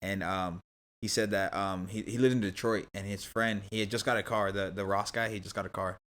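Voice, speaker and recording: Brief: young guy, fast rambling storyteller, lowish voice, podcast guest. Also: steady tone, fairly bright tone. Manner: rambling, full of "like" and restarts. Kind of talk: casual storytelling.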